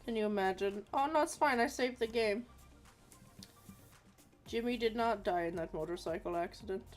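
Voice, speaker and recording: A woman's voice: medium pitch, normal speed, faint music behind. A woman in her thirties, an artist chatting casually with viewers while drawing, rambling and self-deprecating. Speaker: artist hosting a chat stream.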